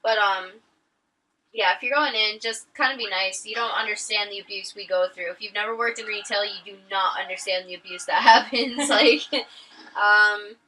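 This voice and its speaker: Bright-voiced young woman chatting over a game. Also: mid-range voice, moderate pace, distant mic, poor audio. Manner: chatty, laughs often, many fillers. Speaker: gaming channel co-host. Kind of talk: casual chat over gameplay.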